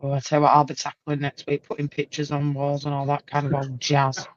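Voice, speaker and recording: A woman hosting a casual livestream chat, talkative and quick to exclaim. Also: low voice, monotone, no echo, highs cut off. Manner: chatty, exclaims and laughs often. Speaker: livestream host.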